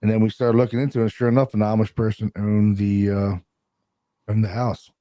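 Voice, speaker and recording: A man's voice: on the low side, flat delivery, a little fast, warm tone, no echo. A man, a guest paranormal investigator, chatting casually and swearing freely as he laughs through his stories. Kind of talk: casual chat.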